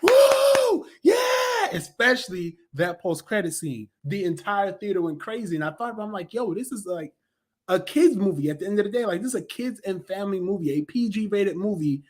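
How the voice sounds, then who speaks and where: A man in his thirties giving a casual, animated movie review, full of slang, fillers and mocking impressions of critics. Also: sits high, brisk.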